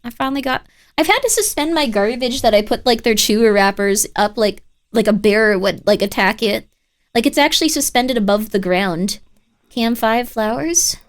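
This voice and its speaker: A woman with a slightly high voice streams a horror game live and keeps up a playful running commentary. She teases her pet and chats with her viewers between moves. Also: expressive, normal speed. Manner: chatty and playful, scolds her pet and banters with chat.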